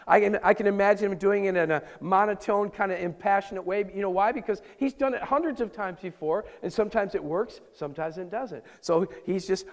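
A man preaching a sermon as pastor, moving between loud emphasis and hushed, intimate asides. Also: high voice, fairly quick, few pauses. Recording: long hall reverb.

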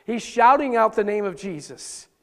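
A man preaching a sermon as pastor, moving between loud emphasis and hushed, intimate asides. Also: sits high, animated, normal speed. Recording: long hall reverb.

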